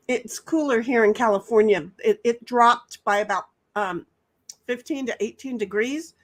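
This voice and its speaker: A woman's voice: on the high side, moderate pace. A woman hosting a livestream in casual, rambling chat, talking while she eats. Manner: rambling, chatty, talks while eating. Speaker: livestream host.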